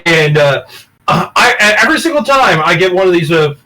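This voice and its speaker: A man's voice: high voice, big pitch swings, moderate pace, bright, forceful tone, low-quality recording. A man in casual chat, telling a story bluntly and swearing freely. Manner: blunt and swearing, tells stories with laughs.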